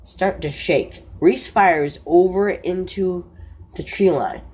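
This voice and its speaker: Her voice is a little mellow with a breathy edge as she narrates a horror story from her own perspective, keeping it slow and low-key and correcting herself often.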